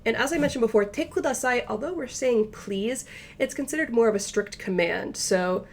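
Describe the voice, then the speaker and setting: A woman teaching a recorded language lesson, explaining each point patiently step by step and slowing down for the example phrases. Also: on the high side.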